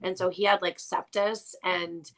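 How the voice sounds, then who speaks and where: A woman co-hosting a parenting podcast, telling long, animated stories about her kids in casual chat. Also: lowish voice, a little slow, poor audio. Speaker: podcast co-host.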